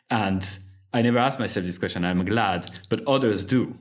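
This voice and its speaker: A man with a French accent talks as a podcast host, his voice sitting a little low. He is frank and loose, restarting sentences and dropping casual swear words as he goes. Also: a little fast. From France. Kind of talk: casual conversation.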